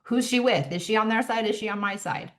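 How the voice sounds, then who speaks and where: A middle-aged woman coaching parents in an earnest way, acting out calm lines for them to say to their children. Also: mid-range voice, a little fast. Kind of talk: parenting advice talk.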